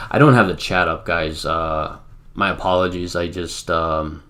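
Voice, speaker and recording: A man's voice: low voice, normal speed, fairly bright tone. An American man streaming a wargame, talking in a rambling, casual way with lots of fillers. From United States. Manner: rambling, filler-heavy, chatty. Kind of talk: casual live-stream commentary.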